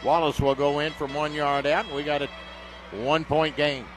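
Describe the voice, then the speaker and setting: Male play-by-play announcer, higher voice, excitable radio football caller. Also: normal speed, over music. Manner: excitable, shouts on big plays.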